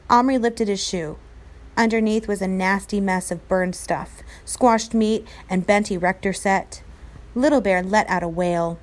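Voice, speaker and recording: A woman teacher reading a novel aloud to her class, clear and expressive. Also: medium pitch, unhurried.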